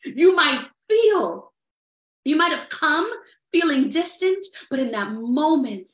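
A woman's voice: high voice, very animated, takes it slowly, echoey room. A woman preaching a sermon to a livestream audience, earnest and repeating phrases for emphasis. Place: livestreamed service.

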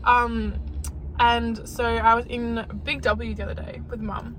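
A woman's voice: a little high, level tone, measured pace, fairly bright tone, a little hiss or hum. A young woman chatting casually and laughing with her partner in a car. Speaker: co-host, girlfriend. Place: inside a car.

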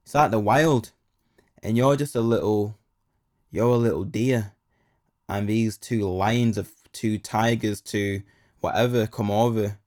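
A man's voice: on the low side, steady tone, a little slow, darkish tone. A young man, telling a casual story full of slang and repeated phrases.

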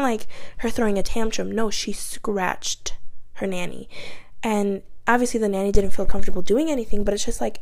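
A woman's voice: medium pitch, darkish tone. A woman hosting a casual celebrity gossip podcast, blunt and chatty, leaning on "like" and swearing freely. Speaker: podcast host.

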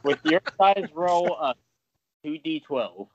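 A man acting as game master, calling for rolls and giving quick rulings. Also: on the high side, animated, muffled recording. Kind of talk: running a tabletop game. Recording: background noise.

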